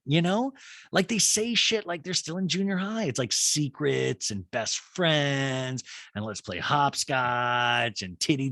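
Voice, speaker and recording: A man riffs through a comedic recap in a casual, mocking tone. His pitch swings widely as he talks. The sound is dry and close, with no room around it. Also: dry recording. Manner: animated, mocking, slips into exaggerated voices for quotes. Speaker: podcast host recapping a reality show.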